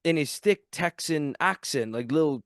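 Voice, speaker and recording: A man with a South Welsh accent hosting a podcast, telling stories in an animated, excitable way. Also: fairly high pitch, moderate pace, no echo, clean studio sound. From South Wales. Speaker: podcast host. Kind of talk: casual podcast chat.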